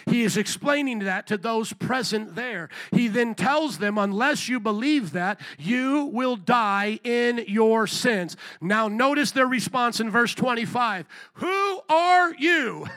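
A man preaching a sermon with fervent call-and-response, pressing his listeners and at times shouting. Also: very high-pitched, a little slow, few pauses, no echo. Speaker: pastor.

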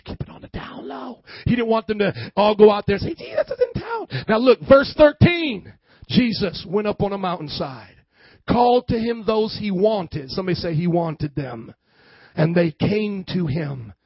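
A man's voice: high voice, no room sound. A pastor preaching a sermon, often raising his voice and calling for the congregation to respond. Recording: dull lo-fi sound.

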